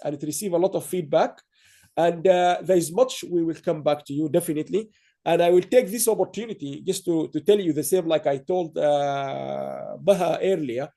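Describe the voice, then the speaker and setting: A man hosting an online awards ceremony over a video call, speaking haltingly with many fillers and repeated words. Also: a little high, gravelly, dark tone. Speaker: awards host.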